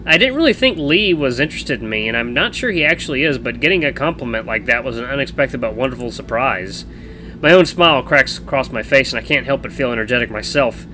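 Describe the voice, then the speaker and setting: A man streaming a game, reading the narration of a visual novel aloud in an animated way. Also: medium pitch, fast, slight background noise, rough recording. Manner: animated reading with changing voices.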